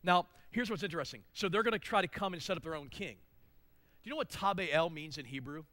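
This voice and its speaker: A male pastor preaching a sermon, swinging between loud emphatic declarations and hushed asides. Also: a little high, lively intonation, brisk, no room sound.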